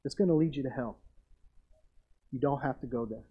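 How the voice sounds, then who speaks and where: A middle-aged man, a pastor telling stories in a sermon and swinging from hushed to emphatic. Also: medium pitch, a little fast, long pauses, slightly rough, low-quality recording.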